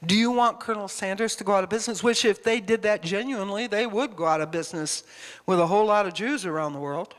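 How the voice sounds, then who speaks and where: A woman's voice: mid-range voice, fast. Emphatic woman preaching in a reverberant hall. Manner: emphatic, rambling, questions the congregation. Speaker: church speaker. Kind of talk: conversational sermon. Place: church hall. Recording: long reverb of a church hall.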